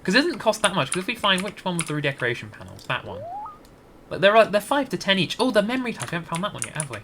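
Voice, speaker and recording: A man's voice: high voice, big pitch swings, racing, noisy background. A Scottish man giving rambling, hesitant gameplay commentary into a desk mic, with many restarts. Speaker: gaming YouTuber.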